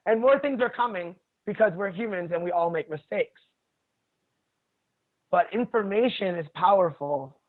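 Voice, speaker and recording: A man with a fairly high voice tells stories casually, blunt and often profane, laughing as he goes. The audio is narrow and tinny, like it came through a phone line. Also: normal speed, long pauses. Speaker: jiu-jitsu instructor, podcast guest. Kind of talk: casual storytelling chat.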